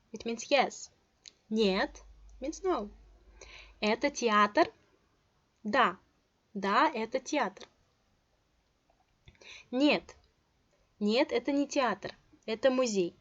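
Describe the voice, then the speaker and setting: Reading words aloud one by one, a young Russian-accented woman from Russia teaches a slow online lesson in English, offering short glosses between hesitant fillers. Her voice is on the high side with a fairly bright tone, and the sound is lo-fi.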